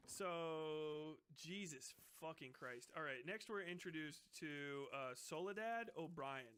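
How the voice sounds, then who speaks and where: A male streamer reads a book aloud in a voice pitched a little above the usual, breaking off into rambling, swearing rants. His talk is loose and casual, with restarts and laughing asides. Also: lively intonation, slow, fairly bright tone, clean tone. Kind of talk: casual profane commentary on a book.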